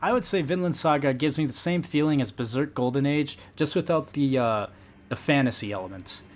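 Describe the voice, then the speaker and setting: A man streaming a game live, chatting casually with viewers in a profane, animated rant. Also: medium pitch, a little fast.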